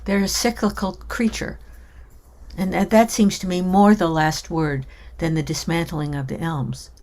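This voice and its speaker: Lowish-voiced woman in a poetry discussion. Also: fairly even intonation, measured pace, a little mellow. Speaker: discussion group member.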